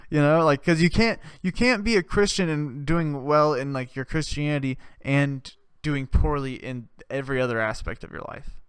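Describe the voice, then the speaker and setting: A man's voice: a little high, moderate pace, smooth, no echo. A young man hosting a comedy podcast, delivering a sarcastic, profane rant with mock-preaching bursts. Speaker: podcast host.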